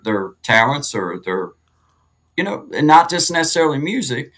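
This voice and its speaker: A man co-hosting a casual live stream, rambling and giving shout-outs to viewers. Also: a little high, sing-song, normal speed, poor audio. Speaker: co-host of a live music and talk stream.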